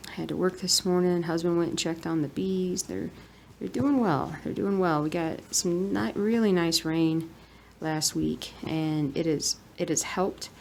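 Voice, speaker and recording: A woman, chatting softly and rambling as she cross-stitches. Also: fairly low pitch, fairly even intonation, measured pace, vocal fry, hardly any pauses, a little hiss or hum. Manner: soft-spoken, rambling, murmurs to herself while working. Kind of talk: relaxed stitch-along chat.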